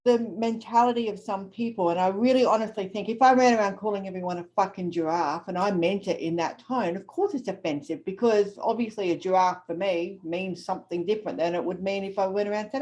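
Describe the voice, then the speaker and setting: A woman's voice: medium pitch, brisk, darkish tone. A middle-aged Australian woman co-hosting a podcast, chatting bluntly and swearing freely. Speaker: podcast co-host. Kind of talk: casual chat.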